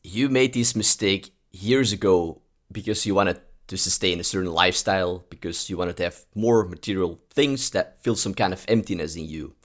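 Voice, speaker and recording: Podcast host guy with a lowish voice asking thoughtful questions softly. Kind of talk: interview.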